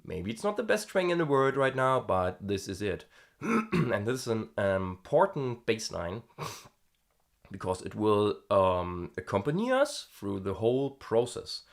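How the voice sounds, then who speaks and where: This scream vocal coach and vlogger gives a casual video lesson, demonstrating twanged vowels as he goes. He talks slowly in a fairly low voice with vocal fry, and his manner is relaxed, chill and chatty.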